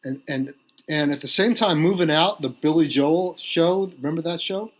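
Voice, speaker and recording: A middle-aged man, a drummer being interviewed on a podcast, telling a long anecdote with lively quoted voices. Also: fairly high pitch, moderate pace. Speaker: guest drummer.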